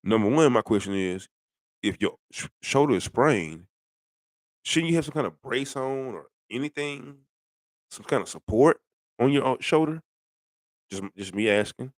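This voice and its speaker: A man's voice: mid-range voice, expressive, moderate pace, long pauses, no echo. A middle-aged man ranting bluntly about football in a rambling, casual way, full of rhetorical questions. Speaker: sports commentator. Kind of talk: casual sports rant.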